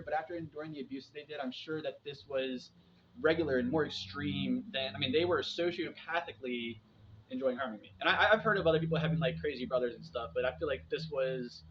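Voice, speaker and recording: Guy in his 40s just talking to camera, rambly, lots of restarts, kinda dull muffled audio with a bit of hiss. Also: medium pitch. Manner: rambling, restarts, frequent "like" and "man". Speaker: vlogger sharing personal experience. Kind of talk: casual spoken monologue. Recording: dull lo-fi sound with faint background noise.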